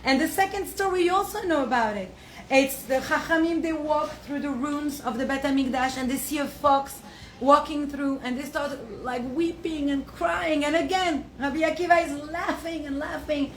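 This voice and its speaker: A high-pitched young woman gives a Torah class to a small audience, telling stories with animation and frequent laughter, dropping in Hebrew and Yiddish words. The room is echoey, with a faint hum of ambience behind her. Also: normal speed. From south of France. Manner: animated storytelling, laughs often; mixes in Hebrew and Yiddish terms. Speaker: Torah teacher. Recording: roomy echo, faint ambience.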